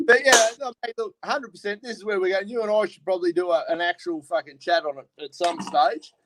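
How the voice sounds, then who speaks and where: A man's voice: sits high, fairly quick, background noise. A man with an Australian accent hosting a casual chat, talking bluntly and swearing as he rambles. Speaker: host.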